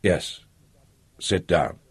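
A man voicing a tense, determined baroness in an audiobook reading, quiet and strained. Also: extremely slow, dry recording. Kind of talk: audiobook character voice.

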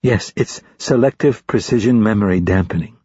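A man reading as a blunt, calm woman doctor. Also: on the low side, normal speed, breathy edge, no echo, lo-fi sound. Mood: matter-of-fact.

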